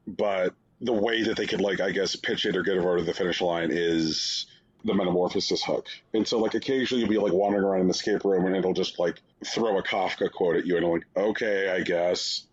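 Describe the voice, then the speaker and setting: Low husky man, wry rambling chat. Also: dull audio. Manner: rambling, wry, heavy use of "like". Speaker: podcast co-host. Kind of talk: casual game review chat.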